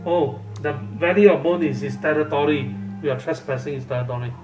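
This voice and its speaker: A nervous man reads a fantasy gamebook aloud, halting and restarting, with his voice sitting a little high. He sounds distant in a roomy space, with music playing behind him. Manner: hesitant, halting, with many fillers and restarts. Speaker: gamebook reader and channel host. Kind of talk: casual live gamebook playthrough.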